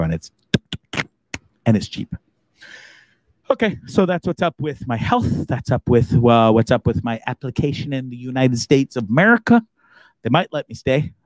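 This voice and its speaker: Lively jokey man host. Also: medium pitch, no room sound. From Canada, Hamilton region. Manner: jokey, animated, swears freely, laughs often. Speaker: live-stream host. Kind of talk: casual live-stream chat.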